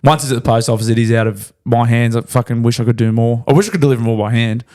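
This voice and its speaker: A man's voice: mid-range voice, steady tone, quick pace, darkish tone. A man with an Australian accent co-hosting a podcast, in sweary, laughing casual banter with listeners and his co-host. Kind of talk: casual chat.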